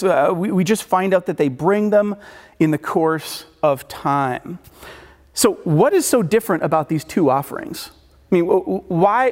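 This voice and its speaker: A man with a high voice delivers a relaxed, conversational sermon, stumbling over restarts and tossing in "like" and "right". His voice carries a long reverb, as if from a large hall. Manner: casual, rambling with many restarts and filler words. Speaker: preacher.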